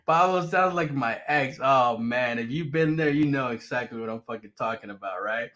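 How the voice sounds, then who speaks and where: A man's voice: medium pitch, moderate pace. A man telling a personal story in a casual, profane and dramatic way. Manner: profane, animated, dramatic retelling.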